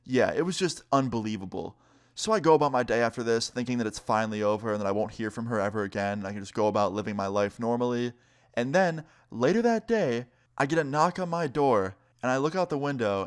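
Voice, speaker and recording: Young man, story time vlogger, swearing, animated, uneven pace, mid pitch. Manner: animated, swearing, speeds up and slows down. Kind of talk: casual story time vlog.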